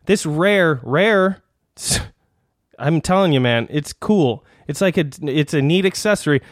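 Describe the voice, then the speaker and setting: This podcast host's voice sits on the high side, captured in a dry, clean studio recording. He laughs and rambles his way through a comedy bit of fake doctor diagnoses, repeatedly restarting his lines.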